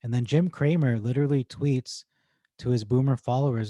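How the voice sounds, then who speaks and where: Male host in his thirties, rambling stock-talk commentator, warm mellow voice, dry close sound. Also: medium pitch, normal speed, no echo. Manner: excitable, rambling, self-correcting. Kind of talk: casual stock commentary reading forum posts.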